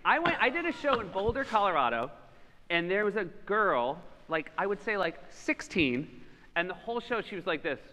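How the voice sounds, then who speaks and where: A man's voice: high-pitched, moderate pace, big-room sound. A man, a comedian on a conference panel, telling stories in a casual onstage chat and laughing as he goes. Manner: animated, laughs through his stories. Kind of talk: casual onstage conversation, storytelling. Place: conference stage in a large hall.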